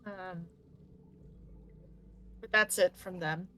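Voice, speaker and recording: A woman running a tabletop game as game master, speaking slowly with many pauses and ums. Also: on the low side, steady tone, sharp tone, a little hiss or hum. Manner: slow and halting, many ums.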